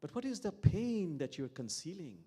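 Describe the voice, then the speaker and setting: A man's voice: a little high, big pitch swings, moderate pace, warm tone, husky. A man, an imam, giving a reflective sermon with stories and repeated key phrases. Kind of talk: sermon with storytelling.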